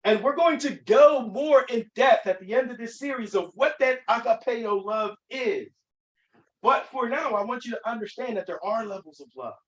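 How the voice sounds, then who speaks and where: A man's voice: very high voice, lively intonation, normal speed, reverberant, recorded from a distance, dull audio. A man giving an emphatic Bible lesson, often restarting his sentences. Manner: emphatic, with many restarts and fillers. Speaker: Bible teacher. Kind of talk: teaching sermon.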